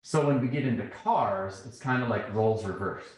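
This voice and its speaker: A man's voice: on the low side, moderate pace. A middle-aged man giving a public talk, telling stories and acting out the exchanges in them. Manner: animated, acts out quoted exchanges. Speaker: speaker. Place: lecture hall. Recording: very echoey hall.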